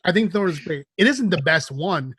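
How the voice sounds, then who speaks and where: A man hosts a casual podcast, teasing and bantering with his guest. His voice runs high. The sound is dry, with no room echo. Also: expressive, normal speed, fairly bright tone, husky. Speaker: podcast host.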